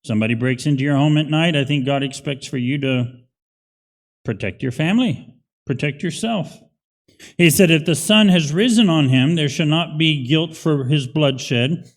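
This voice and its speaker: Male pastor, sermon, conversational and emphatic, slightly high voice, long hall reverb. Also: normal speed. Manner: conversational, emphatic preaching with rising intensity. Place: church sanctuary.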